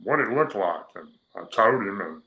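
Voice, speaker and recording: Lively intonation marks this lowish male voice, which moves at a normal speed with a pushed, bright quality. The Tennessee guest rambles through a long personal story on a radio interview, using many fillers, and the sound is echoey and roomy.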